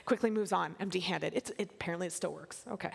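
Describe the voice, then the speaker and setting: A woman preaching a sermon, animated and playful, acting out the figures of the scripture story she tells. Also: on the low side, fast talker, gravelly, breathy edge. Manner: animated, acts out biblical figures in playful voices. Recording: long hall reverb.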